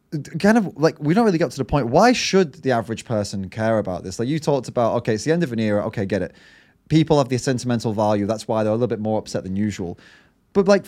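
Animated young man hosting a podcast. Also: mid-range voice. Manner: animated, swearing, mocking voices when quoting people. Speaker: podcast host. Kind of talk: casual podcast debate.

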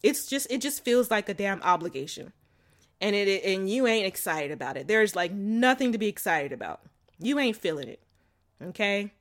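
This relationship vlogger has a mid-range, sing-song voice and a moderate pace. Chatting casually to camera, she's blunt and slangy, laughing a lot and leaning on "like" and "you know."

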